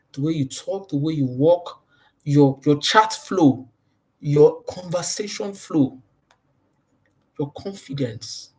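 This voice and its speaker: A man's voice: a little high, a little mellow, slightly rough. Emphatic man coaching salespeople. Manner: emphatic and repetitive, stresses points by repeating them. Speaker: sales trainer. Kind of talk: motivational sales training talk.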